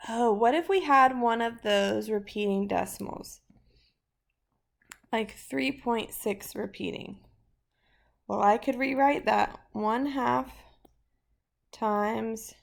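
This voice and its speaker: A woman teaches a math lesson in a relaxed, chatty way, working through examples out loud. Her voice sits a little high and carries a gravelly fry. Her tone stays upbeat as she explains. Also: slow pace, long pauses.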